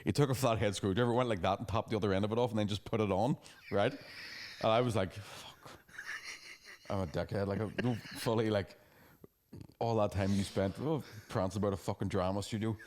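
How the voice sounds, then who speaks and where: Casting note: man, thirties, quick sweary anecdotes, lowish voice. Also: steady tone, a little mellow, a little hiss or hum. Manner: fast, sweary storytelling with laughing asides. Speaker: podcast co-host. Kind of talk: casual chat.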